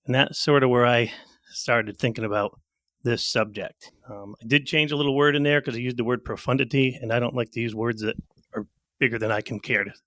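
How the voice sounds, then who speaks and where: A man's voice: medium pitch, fairly quick, fairly bright tone, no room sound. A middle-aged man speaks in a mid-range voice as a podcast co-host. He is reflective and pokes fun at himself, laughing easily. The sound is dry and close. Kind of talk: casual podcast chat.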